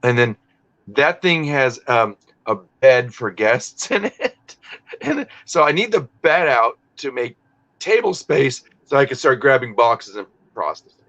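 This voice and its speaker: A man's voice: mid-range voice, very animated, measured pace, a bit bright. A man hosting a live stream, chatting casually and rambling, often breaking off mid-sentence and swearing freely. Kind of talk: casual chat while working. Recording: dull lo-fi stream audio.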